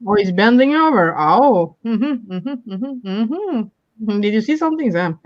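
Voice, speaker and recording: A playful, giggly woman chatting on a live stream, her voice a little high. She greets viewers one by one by name. The audio is muffled and lo-fi. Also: expressive, takes it slowly. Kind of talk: casual live-stream chat.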